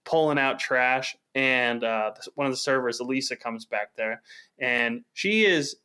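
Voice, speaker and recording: Guy cohosting a podcast, bright forceful voice, loose animated storytelling, swears a lot. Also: medium pitch, unhurried, clear, resonant tone. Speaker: podcast co-host. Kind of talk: casual storytelling chat.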